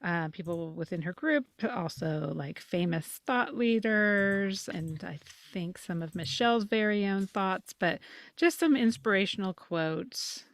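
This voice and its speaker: A woman's voice: mid-range voice, lively intonation, a little slow, no room sound. A woman co-hosting a podcast in casual chat, laughing often and correcting herself as she goes. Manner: chatty, laughing, self-correcting. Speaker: podcast co-host.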